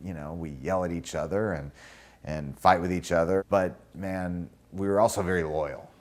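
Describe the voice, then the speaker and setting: A man's voice: sits low, steady tone, moderate pace, a little mellow. A man, a filmmaker, reflecting in a documentary interview.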